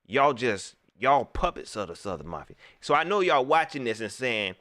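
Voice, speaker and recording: An animated man hosts a live stream and rants with emphasis, repeating phrases for effect. His voice is bright and lively, and it jumps around in pitch. The sound is dry and close. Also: a little fast, hardly any pauses, dry recording. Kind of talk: casual live stream rant.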